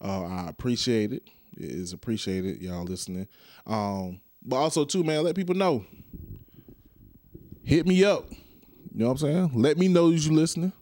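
A man's voice: mid-range voice, normal speed, pauses often, warm tone, dry recording. A young man hosting his own podcast in a loose, rambling way, joking with himself and his listeners. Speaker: podcast host. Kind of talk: casual solo podcast monologue.

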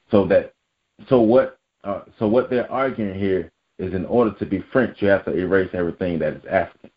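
A man with a low voice reads a news article aloud for his vlog. He breaks in often with blunt, profane, emphatic commentary. The recording is slightly dull and lo-fi. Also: brisk, husky. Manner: blunt, profane, emphatic asides between read-out passages. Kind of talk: reacting to a news article on camera.

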